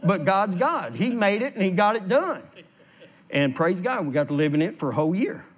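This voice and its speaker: Animated pastor preaching. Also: male voice, sits high, normal speed. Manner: storytelling, animated, laughs at his own story; reads scripture aloud and explains it. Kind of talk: sermon.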